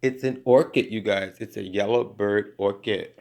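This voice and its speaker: A man's voice: fairly low pitch, fairly even intonation, moderate pace, vocal fry, a little mellow, echoey room. A man hosting a gardening channel, talking viewers through a hands-on project in a chatty, upbeat way and often calling them "you guys.". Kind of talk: casual how-to vlog.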